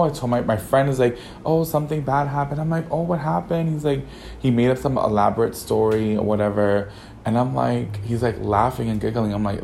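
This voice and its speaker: A man's voice: on the low side, vocal fry, darkish tone, slight background noise, rough recording. A man hosting a podcast, telling a personal story in a sassy, slang-heavy casual monologue. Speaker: podcast host.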